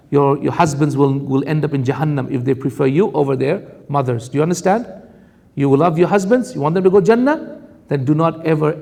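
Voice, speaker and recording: Man, sermon, emphatic warnings, reciting verses, gravelly voice, lecture hall reverb. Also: a little high, a little mellow. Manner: emphatic, addresses the audience directly with warnings; recites Arabic verses between English explanation. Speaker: preacher. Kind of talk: sermon-style Quran commentary.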